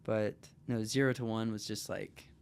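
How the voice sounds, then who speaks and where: A man's voice: on the low side, steady tone, moderate pace, vocal fry, a little mellow, slight background noise. A man speaking as a guest in a casual podcast conversation, reflective and hesitant, with many "like" and "um" fillers.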